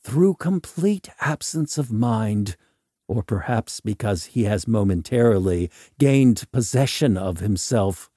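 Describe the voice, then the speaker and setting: A man narrating a scripted horror story in a measured, ominous way. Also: medium pitch, warm tone, no echo, studio quality.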